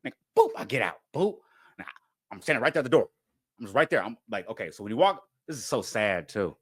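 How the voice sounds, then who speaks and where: A man's voice: on the low side, quick pace, slightly rough, no echo. A man telling a story from his time in jail, laughing often and acting out the dialogue. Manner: animated, laughing, acts out dialogue.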